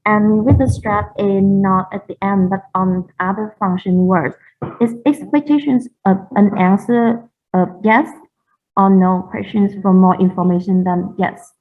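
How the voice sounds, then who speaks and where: A woman's voice: medium pitch, steady tone, soft background music. Woman presenting over tinny audio. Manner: careful, halting with repeated words. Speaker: student presenter. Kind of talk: class presentation.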